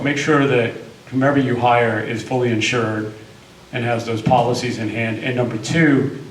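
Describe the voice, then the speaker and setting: A man's voice: medium pitch, slight background noise. Male panelist, conversational storyteller, roomy distant hall sound. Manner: conversational, tells cautionary stories. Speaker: construction attorney on a panel. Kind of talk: panel presentation. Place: meeting hall. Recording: echoey hall, voice from far off.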